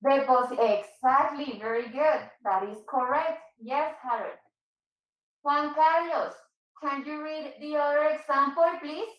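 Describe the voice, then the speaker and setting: Patient high-voiced woman teaching English. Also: steady tone, distant mic. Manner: patient, repeats and explains slowly, switches into Spanish. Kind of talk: online English class for Spanish speakers. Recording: echoey room.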